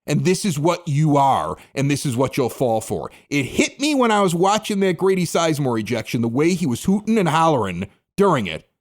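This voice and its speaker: Man, forties, from Chicago's South Side, former radio DJ, podcast host, candid storytelling, lively swinging pitch. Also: fairly quick, few pauses. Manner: animated, candid, self-critical. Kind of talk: casual storytelling commentary.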